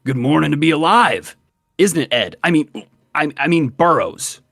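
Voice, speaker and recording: A man's voice: on the high side, animated, normal speed, a bit bright, no room sound, studio quality, faint music behind. A man voicing a chatty, cheerful young male dwarf roommate who is eager and friendly and trips over his words.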